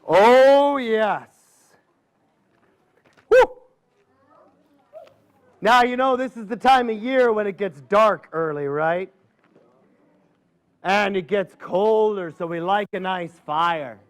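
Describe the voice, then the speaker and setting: Before a live audience, a male storyteller spins a folksy tale with dramatic flair, stretching out his pauses. His voice is high and smooth.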